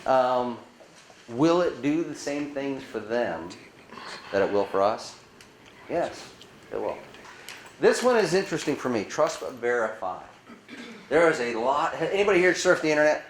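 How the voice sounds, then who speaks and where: A man presents at a conference, telling anecdotes with lively acted-out dialogue and tossing rhetorical questions to the crowd. His voice sits in the middle range for a man. The room echoes around him, with a faint hiss underneath. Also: mid-range voice, unhurried, long pauses. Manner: animated storyteller acting out dialogue; asks the audience rhetorical questions. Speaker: conference speaker. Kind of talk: conference presentation to a live audience.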